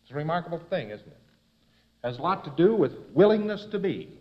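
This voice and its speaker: A man giving a talk to an audience in a folksy, emphatic way that builds to forceful stretches. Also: a little high, big pitch swings, fast. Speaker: lecturer. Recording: dull lo-fi recording.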